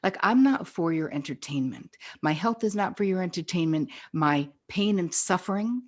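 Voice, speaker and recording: Woman, middle-aged, low voice, blunt, profane, podcast guest. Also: lively intonation, moderate pace, a little mellow. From New York area. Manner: blunt, profane, acts out quoted people. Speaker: psychotherapist guest. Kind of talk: casual podcast conversation.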